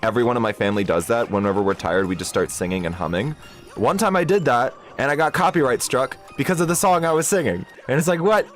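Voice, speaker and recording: A young man casually commenting while streaming a game, jokey and excitable, breaking into shrieks and laughs. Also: mid-range voice, quick pace, faint music behind. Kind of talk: casual gaming livestream commentary.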